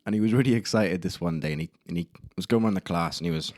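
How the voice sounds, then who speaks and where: A young man talks alone into a camera for his podcast, rambling through embarrassing stories about himself. His voice sits very low, and the room sounds dry and close. He swears casually and makes fun of himself as he goes. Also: rapid-fire, a little mellow, dry recording. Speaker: podcast host. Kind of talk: solo podcast storytelling. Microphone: camera mic in a room.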